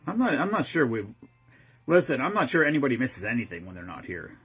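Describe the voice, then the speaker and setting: Casual host, man in his fifties, very husky and raspy, lively rambling delivery. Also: mid-range voice, quick pace, soft background music. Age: 50s. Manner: rambling and profane, with frequent restarts. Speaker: streamer host. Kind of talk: casual chat.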